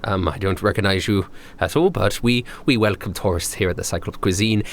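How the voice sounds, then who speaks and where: A man's voice: sits low, fairly quick, pitched below the performer's own voice, lightly acted. A man voicing a polite, slightly condescending male maître d' at a fancy restaurant. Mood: prim. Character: fussy, snooty male maître d'.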